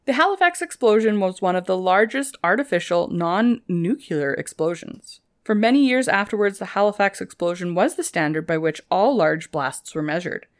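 A woman's voice: medium pitch, expressive, normal speed, few pauses. A young woman co-hosting a casual history podcast, talking eagerly about the details she researched. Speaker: podcast co-host.

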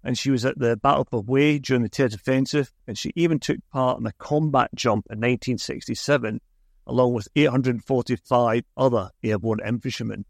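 Male podcast host, mid pitch, chatty with restarts, dry close sound. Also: darkish tone, no echo. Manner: chatty, self-correcting restarts. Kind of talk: podcast interview.

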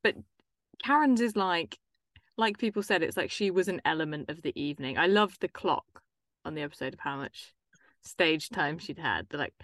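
A woman hosting a podcast in casual chat, teasing and quick to laugh. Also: low voice, dry recording. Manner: lively, teasing, laughs easily. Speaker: podcast host.

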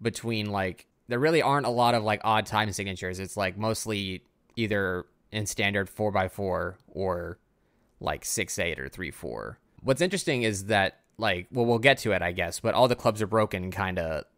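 A man's voice: lowish voice, normal speed, fairly bright tone, clear, resonant tone, no echo, studio quality. A tired man co-hosting a podcast, rambling through a casual music discussion with lots of filler words. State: tired, yawning. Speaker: podcast co-host.

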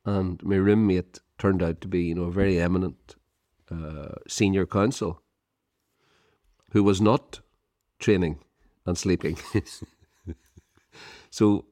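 A middle-aged Irish man telling a long, rambling story on a podcast, peppered with "you know" and chuckles. His voice sits a little low. The sound is close and dry. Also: fairly even intonation, takes it slowly, pauses often, warm tone, no echo. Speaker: podcast co-host. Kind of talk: casual storytelling chat.

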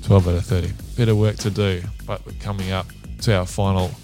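A man's voice: deep voice, flat delivery, a little fast, music in the background. A man hosting a casual podcast quiz, bantering and laughing with his guests. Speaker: quiz host.

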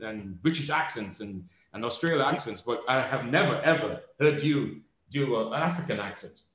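A man's voice: medium pitch, fairly bright tone, lightly acted. A man playing a boastful, joking African president who hosts a podcast in character, teasing his guest with questions. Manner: chatty, laughing, teasing questions. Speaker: podcast host. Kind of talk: in-character comedy interview. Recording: echoey room.

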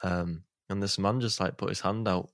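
A deep-voiced man co-hosts a casual podcast, rambling and joking as he goes. His voice sits very low, recorded dry and close on the mic. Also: fairly even intonation, normal speed, dry recording. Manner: jokey, rambling, laughs often. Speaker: podcast co-host. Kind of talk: casual chat.

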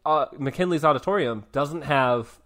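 A man's voice: on the high side, measured pace. A man co-hosting a podcast, chatting casually and animatedly with lots of fillers. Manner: chatty, animated, filler-heavy with frequent likes. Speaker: podcast co-host. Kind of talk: casual chat reviewing a TV episode.

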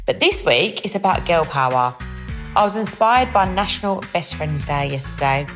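A woman's voice: on the low side, lively intonation, moderate pace, music in the background. Chatty, bubbly woman podcaster. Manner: chatty and bubbly, lots of fillers. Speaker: podcast host. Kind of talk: casual solo podcast chat.

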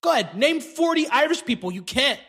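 A man's voice: very high voice, lively intonation, a little fast, vocal fry, a bit bright, voice pushed up, heavily acted. A man doing an impression of a rambling male comedian, drawling goofy non sequiturs.

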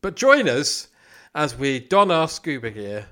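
A man's voice: on the high side, very animated, unhurried, a bit bright. A man hosting a casual history podcast, joking and laughing as he tells the story. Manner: jokey, laughs often, stumbles over words. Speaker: podcast host.

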